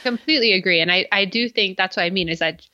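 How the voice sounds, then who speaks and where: A frank woman co-host talks casually and swears freely, her voice bright and a little sharp. The recording is slightly dull and dry. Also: mid-range voice, fast, no room sound. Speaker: podcast co-host. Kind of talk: casual rewatch podcast chat.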